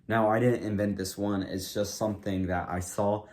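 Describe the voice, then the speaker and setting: A man with a fairly low voice talks loosely to the camera, handing out tips. He rambles, leans on "like" and keeps restarting his sentences, and the tone stays casual throughout. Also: steady tone, normal speed, a little mellow. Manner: rambling, filler-heavy, lots of "like" and restarts. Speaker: comedy video creator. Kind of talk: casual talk-to-camera advice.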